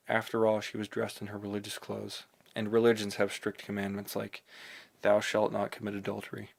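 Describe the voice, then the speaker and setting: Guy reading an audiobook, low flat gravelly voice, rambly first-person monologue. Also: brisk. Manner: rambling, excitable inner monologue. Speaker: audiobook narrator. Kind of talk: first-person novel narration.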